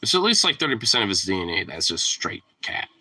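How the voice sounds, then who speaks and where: A young man rambling casually to his dog at home, profane and teasing, jumping into a high squeaky voice to call the pet. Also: big pitch swings, fast, bright, forceful tone, husky. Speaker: vlogger talking to his dog. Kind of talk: casual chat.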